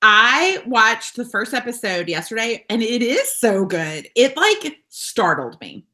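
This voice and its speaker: A woman co-hosting a podcast in casual chat, unhurried and playful. Her voice is bright and rises and falls a lot, and she laughs easily. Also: fairly high pitch, big pitch swings. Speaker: podcast co-host.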